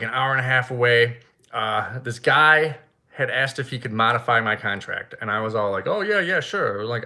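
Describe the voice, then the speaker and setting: A young man who runs an event rental business, answering live viewer questions and telling stories animatedly. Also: medium pitch. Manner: animated storytelling, acts out shouting in quotes. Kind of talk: live Q&A, casual storytelling. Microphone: single mic, standing.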